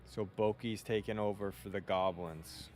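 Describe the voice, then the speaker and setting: A man's voice: lowish voice, steady tone, moderate pace, darkish tone. A man hosting a podcast, talking loosely and offhand with plenty of fillers. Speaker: podcast host. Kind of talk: casual chat.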